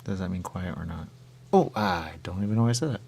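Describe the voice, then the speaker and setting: A man's voice: low-pitched, animated, quick pace, creaky, darkish tone, slightly rough. A man hosting a radio show, rambling and musing aloud in casual chat.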